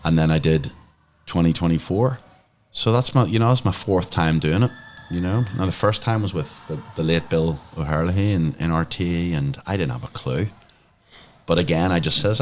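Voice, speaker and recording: A man's voice: rumbling low, a little hiss or hum. A man, a former swimmer, telling stories chattily as a podcast guest. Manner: chatty storyteller, many fillers. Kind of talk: casual interview chat.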